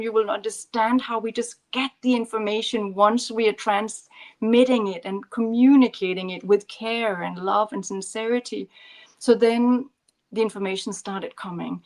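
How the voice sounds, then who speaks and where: A woman guest on a podcast, a leadership coach, telling a personal story in an earnest, gentle way with some restarts. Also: on the high side. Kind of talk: storytelling in conversation.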